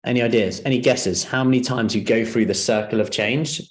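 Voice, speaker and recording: A man's voice: medium pitch, a little fast. A man leading a live seminar as a personal trainer, talking conversationally and often asking the audience questions.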